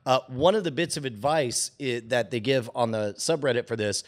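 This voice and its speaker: Co-hosting a casual tech podcast, a man recounts a game animatedly, laughing and reading its text aloud with mounting excitement. He speaks at medium pitch and a moderate pace.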